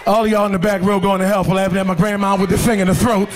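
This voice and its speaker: A man from doing brash, profane stand-up, telling animated stories on a comedy stage. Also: sits high, very fast, some chatter behind, slight background noise. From Philadelphia.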